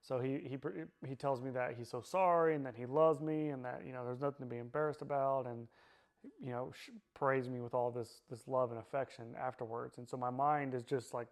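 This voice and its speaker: A man telling his own story in a personal testimony, quiet and subdued, halting and searching for words with many fillers. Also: mid-range voice, fairly even intonation. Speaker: survivor sharing his story.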